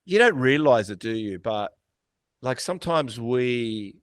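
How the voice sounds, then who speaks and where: Blunt, swearing podcast host. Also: male voice, mid-range voice, unhurried, dry recording. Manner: blunt and swearing, animated storytelling. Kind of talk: casual chat.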